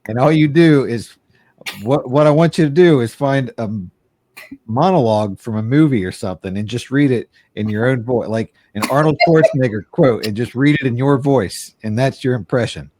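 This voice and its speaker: A man's voice: mid-range voice, normal speed, darkish tone, slight background noise. A man co-hosting a comedy podcast, ranting in a profane, curmudgeonly way. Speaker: podcast co-host. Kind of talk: casual comedy podcast chat.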